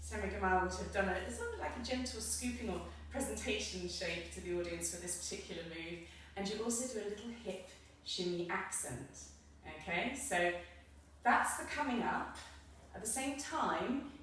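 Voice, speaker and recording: A woman's voice: medium pitch, animated, normal speed, fairly bright tone, slight background noise. A woman teaching belly dance, upbeat and encouraging, counting out the beats as she demonstrates. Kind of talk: instructional dance tutorial. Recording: very echoey room, voice from a distance.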